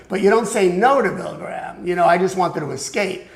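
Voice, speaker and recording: This older guest talks through his music career at normal speed with hardly any pauses, his creaky voice sitting high. Animated as he spins anecdotes, he imitates the people he describes, and the interview room has a noticeable echo.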